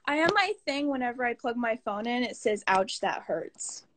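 High-pitched giddy teenage girl. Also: animated, a little fast, noisy background. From United States. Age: teens. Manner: giddy, breathless fan talk. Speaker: fan guest on a live stream. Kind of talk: excited casual chat.

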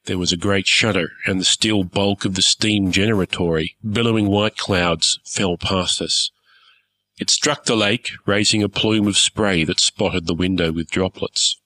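A man reading a first-person story aloud in a measured, formal storytelling manner. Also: low voice, fairly even intonation, bright, forceful tone, no echo, low-quality recording. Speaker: story narrator.

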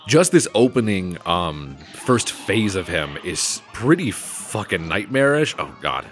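Low-voiced man swearing through a game. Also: sing-song, a little slow. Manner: swearing, self-mocking jokes. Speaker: let's play commentator. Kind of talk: gameplay commentary.

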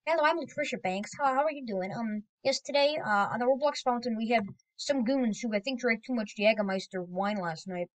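A woman's voice: a little high, fairly quick, close to an everyday voice, low-quality recording. A woman voicing a chirpy, earnest female mock news reporter with an over-polite newsreader delivery.

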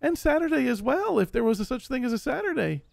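A sweet-natured, simple barbarian warrior, played by a man, who speaks in stiff, earnest sentences with no contractions. The voice sits high and has a gravelly edge. It sounds close and dry. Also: very animated, quick pace, no room sound, heavily acted. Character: simple-minded gentle male barbarian warrior. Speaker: streamer. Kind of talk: roleplay in a survival game.

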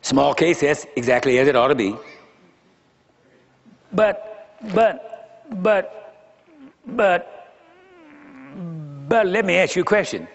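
A man's voice: on the high side, sing-song, quick pace, creaky, few pauses. Older male pastor, conversational sermon, rhetorical questions, long hall echo, muffled recording. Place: large church hall.

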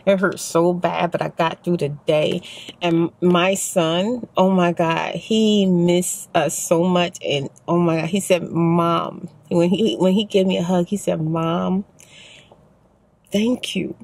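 Soft-spoken vlogger: worn-out Texan woman, middle-aged, gravelly and husky, rambling and emotional. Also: lowish voice, fairly even intonation, unhurried. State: exhausted. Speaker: ASMR vlogger. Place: parked car.

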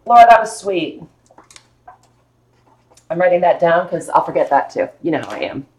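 A woman's voice: on the low side, sing-song, moderate pace, darkish tone. Gushing woman hosting a live book sale. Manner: gushing, playful, chatty about old books. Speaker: host selling vintage books on a live stream. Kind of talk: casual live sale chat.

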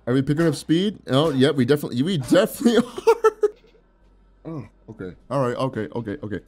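A man's voice: mid-range voice, wildly swooping pitch, a little fast, darkish tone. A young man with a sore mouth giving playful let's play commentary, joking, laughing often and reading game text aloud. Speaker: gaming YouTuber.

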